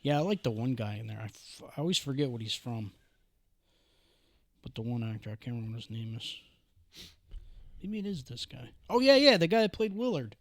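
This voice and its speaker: A man's voice: medium pitch, brisk, pauses often, no room sound. A young man hosting a podcast, chatting casually, swearing freely and packing his talk with "dude" and "like". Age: young adult. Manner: profane, excitable, says "dude" and "like" a lot. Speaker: podcast host. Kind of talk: casual chat.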